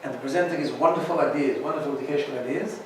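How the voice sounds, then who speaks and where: A man's voice: on the high side, very fast, heavy reverb, recorded from a distance, a little hiss or hum, poor audio. A man teaching an informal Torah class as a rabbi, chatty and often checking in with "right?". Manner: chatty, keeps asking "right?".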